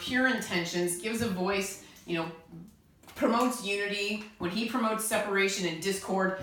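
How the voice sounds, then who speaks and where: This young woman from the United States has a mid-range, fairly bright voice. In a very echoey room she delivers an urgent spiritual monologue to camera as a self-styled channel, pleading emphatically and saying things again and again.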